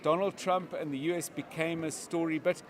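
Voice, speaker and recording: A male media analyst talks through the news on a live broadcast, steady and explanatory, backing his points with examples. His voice sits a little on the high side for a man. Faint outdoor city noise with passing vehicles runs underneath. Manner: measured, explanatory, uses examples.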